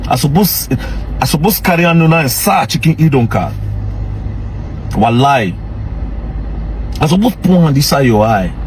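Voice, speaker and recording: A young man with a Nigerian Pidgin English accent, ranting angrily and confrontationally straight to camera as a social media commentator, often breaking into shouts. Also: a little high, slight background noise. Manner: angry, confrontational, repeatedly shouting. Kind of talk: heated direct-to-camera rant.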